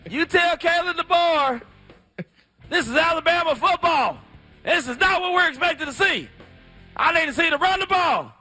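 A man voicing a loud caller to a sports radio show, ranting with a put-on Southern accent. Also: very high voice, lively intonation, moderate pace, faint music behind, pitched above the performer's own voice, heavily acted. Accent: fake Southern. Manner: hollering, demanding.

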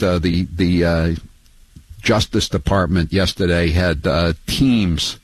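An older man hosting a talk radio show, rambling and sarcastic, with many halting restarts. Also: sits low, breathy edge, dry recording, rough recording.

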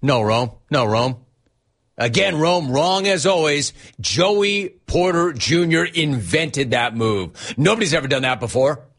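A man hosting a sports talk show, teasing and animated, reading out chat and laughing often. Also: fairly high pitch, measured pace.

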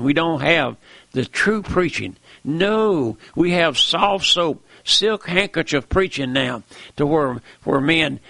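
A man's voice: on the high side, creaky, fairly bright tone, dry recording. An older man preaching an impassioned, emphatic sermon, repeating his points and calling out to his listeners. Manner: impassioned, emphatic, repeats phrases and calls out "my friend". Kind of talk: fiery radio-style sermon.

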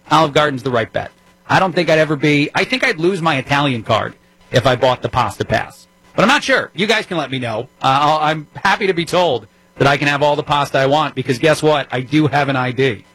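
A man's voice: a little high, expressive, fast, fairly bright tone, no echo, poor audio. A man from New Jersey with a New Jersey accent, filling in as a political talk radio host, talking in a wry, conversational way with frequent fillers.

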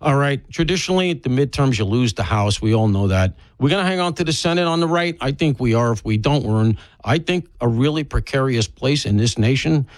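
Animated and a little fast, a mid-range male voice runs on with few pauses as a fill-in talk radio host. He rambles in a conversational monologue with wry, self-deprecating humor, sounding congested from allergies, on a studio broadcast microphone with no echo.

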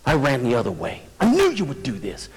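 Bitter, whining prophet, high and strained, as a preacher puts him on, in a reverberant hall. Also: male voice, very animated, measured pace, gravelly, exaggerated voice. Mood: indignant. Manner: pleading, bitter complaining. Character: indignant prophet Jonah, resentful man.

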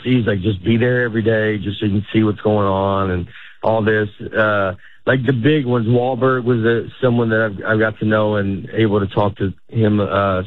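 A man's voice: lowish voice, no echo. A middle-aged man, a stand-up comedian, chatting casually in an interview, rambling and restarting his sentences, laughing often. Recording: tinny phone-like sound.

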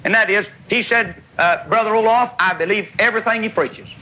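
A man's voice: high voice, a little fast, pushed and bright, slight background noise, poor audio. A man preaching a revival tent sermon in a fiery, folksy, scolding way. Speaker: evangelist preacher. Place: large revival tent with crowd.

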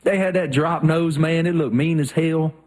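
A man's voice: a little high, fairly even intonation, normal speed, a little mellow. A man with a Southern American accent co-hosting a sports talk show in folksy, enthusiastic casual chat. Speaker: sports radio co-host.

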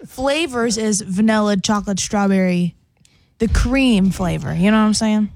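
A woman from Iowa co-hosting a radio show, skeptical and easily excited during the banter. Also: mid-range voice, normal speed, a little hiss or hum. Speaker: radio co-host. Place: radio studio.

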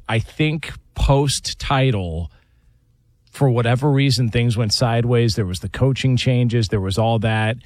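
A man's voice: lowish voice, a little mellow, no room sound. A man in casual sports talk, rambling and hedging with lots of fillers.

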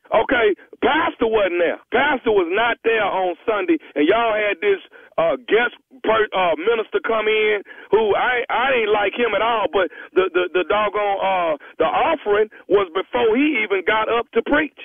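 A man's voice: high-pitched, sing-song, moderate pace, vocal fry, dry recording. A blustering, stammering man phoning in a complaint for a comedy skit, heard over a tinny phone line. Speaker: caller. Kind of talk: comedic prank phone call.

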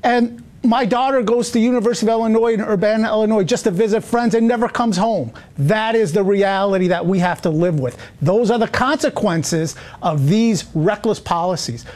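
A man's voice: high-pitched, a little fast, few pauses, darkish tone. A man speaking as a guest on a news interview, earnest and frustrated. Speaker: interview guest, grieving father.

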